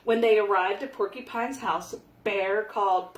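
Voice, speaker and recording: A woman reading a children's picture book aloud in a gentle, expressive way. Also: mid-range voice, unhurried. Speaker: storyteller. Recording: echoey room.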